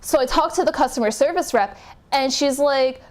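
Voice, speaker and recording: A young woman chats straight to camera, telling a long story in a casual vlog. She talks in an animated, unfiltered way, cursing and laughing often. Her voice sits a little high for a woman. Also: moderate pace. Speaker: vlogger.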